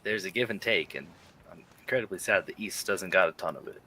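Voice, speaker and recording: A man's voice: low-pitched, fairly quick, bright, forceful tone. A man chatting casually in character as a rancher, swearing freely and laughing often. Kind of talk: casual in-character roleplay chat.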